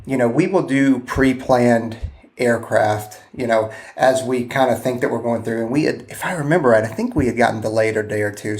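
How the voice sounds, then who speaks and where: A man recounting a past military mission in casual podcast talk, halting with many fillers and restarts. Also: mid-range voice, darkish tone. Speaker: guest, former joint terminal attack controller.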